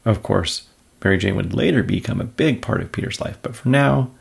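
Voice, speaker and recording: A man's voice: on the low side, brisk, vocal fry, slightly rough. A man casually reviewing and reading a comic book aloud, chatty and amused, with jokey asides.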